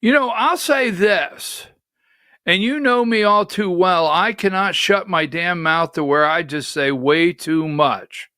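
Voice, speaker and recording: Taking it slowly, a man with a high, bright, forceful, clean-toned voice hosts a political livestream, speaking bluntly and skeptically in meandering asides. It's studio quality with no room sound.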